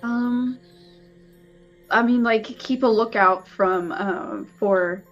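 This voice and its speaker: Chatty female player, higher voice, dull lo-fi sound. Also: slow, soft background music. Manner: chatty with frequent fillers. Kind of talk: casual tabletop game chat.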